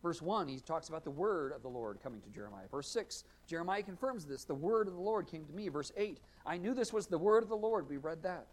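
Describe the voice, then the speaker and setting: A male pastor preaching a sermon, earnest and explanatory, rising to loud emphatic readings of scripture. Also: on the high side, lively intonation, a little fast, hardly any pauses.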